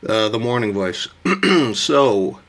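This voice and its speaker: A man with a rough morning voice, hosting a casual vlog monologue about his collection. He gushes theatrically and talks to himself as he goes. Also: fairly low pitch, big pitch swings, takes it slowly, fairly bright tone. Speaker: watch collector vlogger.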